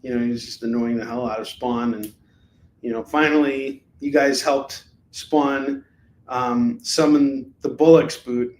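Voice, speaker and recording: A man's voice: mid-range voice, steady tone, unhurried, darkish tone, a little hiss or hum. A man hosting a live comic-book sale stream, rambling and joking with lots of fillers from a room at home. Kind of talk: casual live-stream selling chat. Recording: echoey room.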